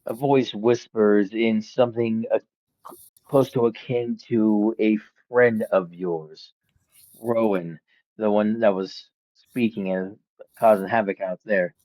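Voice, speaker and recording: A man running a tabletop game as game master, narrating the scene in a measured way with frequent fillers. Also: on the low side, steady tone, darkish tone, no echo. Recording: dull, dry lo-fi stream mic.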